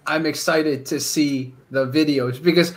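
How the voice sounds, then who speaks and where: Male stream guest, relaxed casual chat, slightly high voice. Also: unhurried. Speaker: guest YouTuber.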